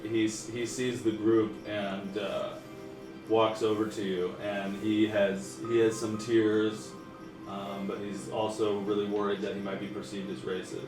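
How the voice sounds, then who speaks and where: A man runs a tabletop game in a slow, low voice, hedging his narration with frequent ums. He sounds a little distant in an echoey room, with music playing behind him. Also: level tone. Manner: hesitant, filler-heavy narration. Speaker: game master.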